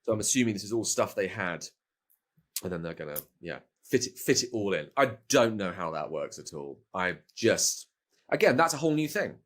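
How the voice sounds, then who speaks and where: A man's voice: fairly low pitch, big pitch swings, a little fast, a bit bright. A middle-aged British man, a voice actor, chatting casually in an interview, rambling with restarts and playful asides. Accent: British English. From Britain. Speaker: voice actor guest.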